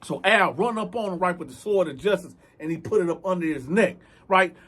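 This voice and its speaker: High-pitched male storyteller, emphatic and profane, who acts out his characters. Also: expressive, a little fast, fairly bright tone. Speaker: storyteller, channel host. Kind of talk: animated prison storytelling.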